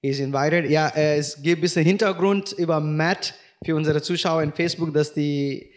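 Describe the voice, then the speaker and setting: A man hosting a casual bilingual livestream chat, pausing to search for words, with many fillers. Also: fairly high pitch, steady tone. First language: German. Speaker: livestream host.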